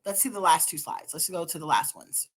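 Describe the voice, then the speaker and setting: A woman hosting a show, reading online posts aloud and reacting with animated, sassy commentary. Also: deep voice, brisk, breathy edge. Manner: animated, sassy commentary with sudden loud outbursts. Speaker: host.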